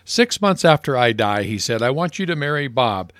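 A man's voice: medium pitch, big pitch swings, normal speed, fairly bright tone, no room sound, studio quality. A man co-hosting a radio show, telling jokes playfully. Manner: playful joke-telling, laughs at own jokes.

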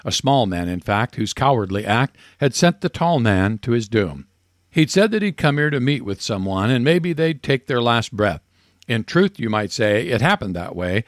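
A man hosts a radio program and recites rhyming cowboy verse with a steady, measured cadence. His voice sits in a middle register. The sound is close and dry, with no room echo. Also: medium pitch. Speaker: radio host. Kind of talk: reciting cowboy poetry and reading ads.

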